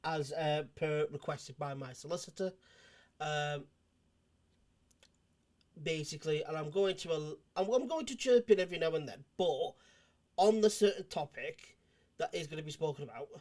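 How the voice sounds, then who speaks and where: A man's voice: fairly high pitch, normal speed, long pauses, darkish tone. A man hosting a casual livestream, rambling and joking between restarts. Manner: rambling, restarts, jokey asides. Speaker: host.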